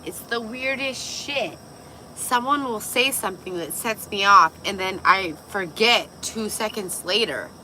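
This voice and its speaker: A young woman with a raspy voice, tipsy and chatting casually on a livestream, loose, giggly and swearing. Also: medium pitch, a little slow, sharp tone, a little hiss or hum, poor audio. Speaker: vlogger.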